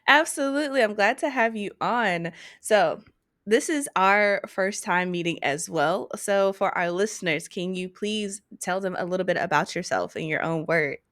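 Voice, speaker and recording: A woman's voice: mid-range voice, normal speed, fairly bright tone, dry recording. Woman podcast host, upbeat, dry close mic. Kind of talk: podcast interview.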